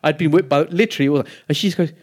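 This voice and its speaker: A man hosting a podcast, telling animated anecdotes in casual chat. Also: fairly high pitch, rapid-fire. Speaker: podcast host.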